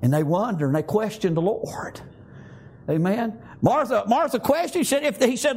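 A man's voice: high-pitched, moderate pace, a little mellow, husky. A male preacher delivering a sermon with fervor, scattering "praise God" and "amen" through his lines.

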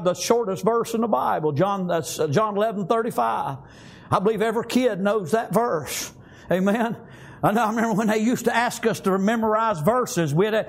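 Brief: male preacher, high-pitched, fervent sermon delivery, full of amens. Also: a bit bright. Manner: fervent, peppered with "praise God" and "amen".

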